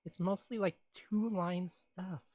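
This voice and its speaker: Slow-talking, chatty streamer. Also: mid-range voice, fairly even intonation, darkish tone, husky, no room sound. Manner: chatty and rambling, with frequent laughs and sighs. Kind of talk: casual stream chat.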